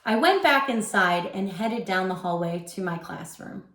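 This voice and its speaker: A woman guest reader reading a children's chapter book aloud with expressive storytelling. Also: mid-range voice, moderate pace, echoey room.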